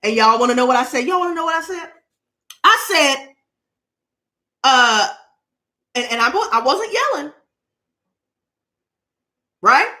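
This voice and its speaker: Loud, animated woman telling a story. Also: sits high, unhurried, long pauses. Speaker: tarot reader and channel host. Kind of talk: casual storytime vlog.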